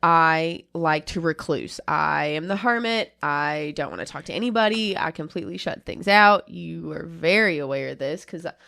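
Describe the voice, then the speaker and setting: A woman's voice: deep voice, lively intonation, normal speed, vocal fry, few pauses, a bit bright, dry recording, studio quality. Candid, rambling woman chatting on a podcast. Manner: rambling, self-interrupting, candid. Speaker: podcast co-host. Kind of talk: casual chat.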